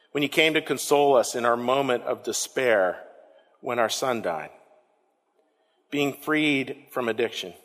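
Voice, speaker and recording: A man preaching a sermon as pastor, telling the story with animated emphasis and repeating words for effect. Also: medium pitch, long reverb tail.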